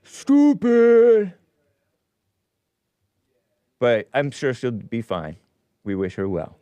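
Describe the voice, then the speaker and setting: A man's voice: on the low side, expressive, unhurried, darkish tone, clean tone, no echo. A man hosting a casual live show, reading chat messages aloud with a wry, laughing manner. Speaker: show host.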